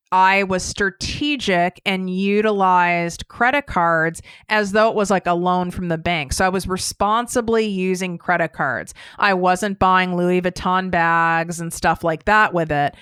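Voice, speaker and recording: Blunt, chatty woman host, crisp dry voice. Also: mid-range voice, fairly bright tone, no echo. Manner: blunt, chatty, swears casually. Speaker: host and business coach. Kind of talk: casual direct-to-camera talk.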